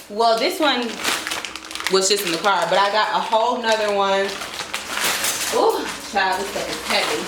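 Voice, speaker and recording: A woman's voice: mid-range voice, normal speed. Chatty young woman in echoey room. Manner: chatty, slangy, talks about herself in third person. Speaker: vlogger. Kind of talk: casual grocery haul chat. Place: apartment kitchen. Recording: echoey room with clear background noise.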